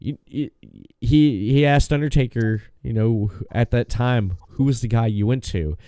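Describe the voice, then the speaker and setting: A man's voice: mid-range voice, measured pace, dark tone, no room sound. A man hosting a podcast, chatting casually and enthusiastically, often restarting his sentences and swearing now and then. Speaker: podcast host.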